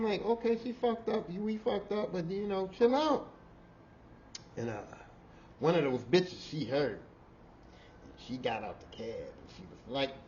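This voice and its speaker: A man hosting a podcast, telling a work story in a casual, animated, profane way and often repeating himself. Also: medium pitch, normal speed, dull audio. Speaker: podcast host.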